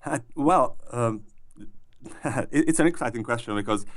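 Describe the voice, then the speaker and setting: A man's voice: mid-range voice, a little slow. A man, a researcher guest in an interview, explaining his findings thoughtfully with frequent restarts and repeated words.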